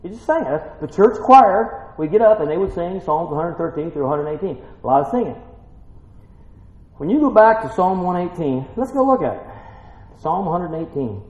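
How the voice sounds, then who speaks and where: Folksy preacher with a roomy, muffled sound. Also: male voice, high voice, moderate pace. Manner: folksy, animated, swings from quiet musing to excited exclaiming. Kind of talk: sermon, Bible teaching. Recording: echoey room, muffled lo-fi sound.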